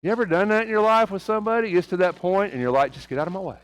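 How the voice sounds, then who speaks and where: Speaking very fast, a preacher with a light Oklahoma Southern accent fires rhetorical questions at his listeners, moving between quiet, hushed passages and emphatic raised ones. His voice is high for a man, and the dry, close, low-quality recording has little room around it.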